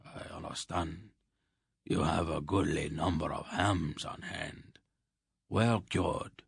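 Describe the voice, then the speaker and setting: Male narrator as a curt, heavily accented warrior-merchant; deep, gravelly. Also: steady tone, takes it slowly, dry recording, studio quality, exaggerated voice. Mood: cold. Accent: heavy foreign accent. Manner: cold, terse. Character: cold scar-faced foreign male merchant.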